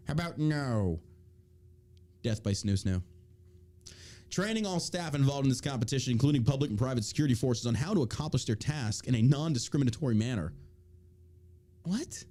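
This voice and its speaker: A man's voice: mid-range voice, animated, brisk, dark tone. A man hosting a podcast in a casual chat, reading news articles aloud and mocking them with crude jokes. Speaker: podcast host.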